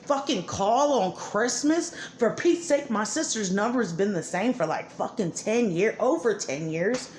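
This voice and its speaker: A woman's voice: mid-range voice, lively intonation, unhurried, few pauses, a little mellow. A woman ranting angrily and profanely about her life and her children's father. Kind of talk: angry personal monologue. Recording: echoey room with faint background noise.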